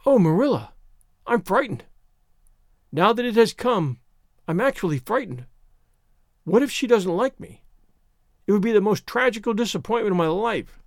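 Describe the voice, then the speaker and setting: A man doing an excitable orphan girl. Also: high-pitched, normal speed, pauses often, no room sound, studio quality, voice pushed up. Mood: frightened. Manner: breathless, florid, earnest. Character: excitable, dramatic orphan girl, about eleven. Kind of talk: audiobook character reading.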